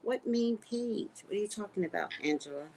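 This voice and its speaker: An older woman hosting a casual live stream, chatting with viewers and greeting them by name in sudden high squeals. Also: animated, brisk, heavy background noise. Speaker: live-stream psychic host.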